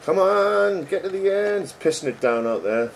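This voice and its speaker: A man's voice: high-pitched, expressive, moderate pace, creaky, slight background noise. A middle-aged man, a game developer chatting casually and joking as he reads code names aloud. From England. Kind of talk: casual commentary while reading code.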